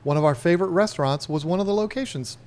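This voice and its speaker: A man's voice: a little high, quick pace, darkish tone. A man hosting a casual livestream, chatting and rambling to the camera and his chat. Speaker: livestream host.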